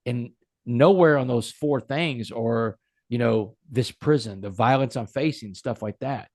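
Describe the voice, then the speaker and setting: Gravelly earnest man telling his story. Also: medium pitch, unhurried, a little mellow, no room sound, clean studio sound. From United States. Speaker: guest. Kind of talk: storytelling in a podcast interview.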